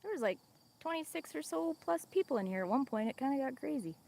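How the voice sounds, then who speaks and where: A woman's voice: high-pitched, lively intonation, quick pace, gravelly, a little mellow. A woman with a Midwestern accent hosting a casual livestream outdoors on a farm, chatty and laughing often as she talks to her viewers and animals. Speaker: livestream host.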